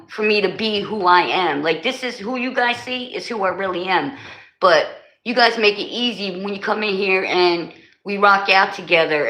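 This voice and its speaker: A woman's voice: medium pitch, sharp tone, rough recording. A woman with a New Jersey accent chatting casually on a live stream, greeting and answering her viewers.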